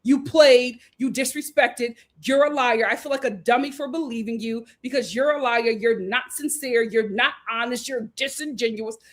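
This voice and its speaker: A woman's voice: a little high, moderate pace, hardly any pauses. A woman in her thirties recapping a reality show in casual chat, laughing and acting out the cast members' lines. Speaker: host of a reality show review stream.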